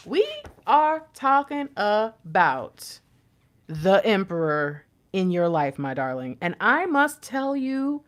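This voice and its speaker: A woman reads tarot cards in a casual, chatty way. Her pitch swings widely as she talks, and she slips into slangy, joking asides and frequent laughter. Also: sing-song, slow pace. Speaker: tarot reader.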